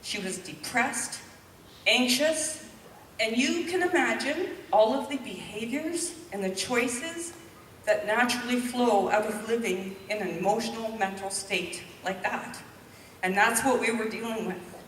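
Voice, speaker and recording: Woman in her 50s giving a candid, heartfelt talk; higher voice, roomy hall, distant mic. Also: expressive, a little slow, a bit bright, a little hiss or hum. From Canada. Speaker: public speaker. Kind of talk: personal talk to an audience.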